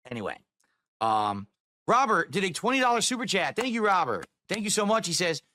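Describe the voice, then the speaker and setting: Bright, fired-up man ranting on stream. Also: sits high, big pitch swings, normal speed, dry recording, clean studio sound. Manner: heated, profane, rhetorical questions. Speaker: live streamer. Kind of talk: ranting to a live chat.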